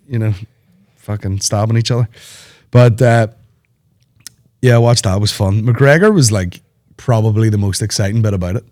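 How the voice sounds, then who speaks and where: A man hosting a podcast, rambling in animated, sweary banter. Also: lowish voice, a little fast. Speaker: podcast host. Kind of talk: casual chat.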